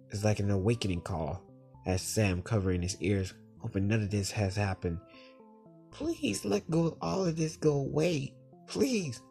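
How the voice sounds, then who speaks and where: A man reading his own spooky story aloud, in a plain, halting way with small slips. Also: on the low side, darkish tone.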